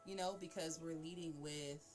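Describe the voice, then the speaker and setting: Female host, casual and animated, laughs easily, low-ish voice, music bed clearly audible. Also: moderate pace. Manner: laughing and animated, acting out examples. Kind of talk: casual chat.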